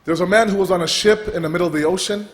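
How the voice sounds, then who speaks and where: A man giving a religious talk, telling a story with lively pacing, frequent restarts and quoted dialogue. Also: high-pitched, rapid-fire. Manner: animated storytelling with repeated restarts. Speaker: religious speaker. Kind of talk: sermon storytelling. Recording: reverberant hall.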